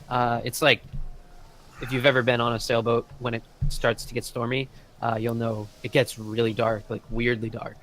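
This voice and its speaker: Guy dming a tabletop game, rambly and casual, lots of uhs, normal pitch. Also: fairly bright tone. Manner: loose, rambling narration full of fillers. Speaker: dungeon master.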